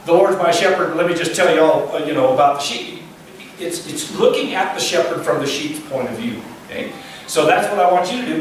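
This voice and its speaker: High-pitched guy preaching, folksy and jokey, bleats like a sheep, big echoey church, mic kinda far off. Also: slight background noise. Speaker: pastor. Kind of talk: sermon. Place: church sanctuary. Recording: very echoey hall, distant mic.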